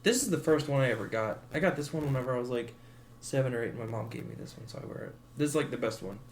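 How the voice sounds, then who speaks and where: A man's voice: medium pitch, expressive, racing, a little hiss or hum. Young man telling a wild story. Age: 20s. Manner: laid-back, acts out quotes with swearing and laughter. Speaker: podcast co-host. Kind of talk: casual storytelling.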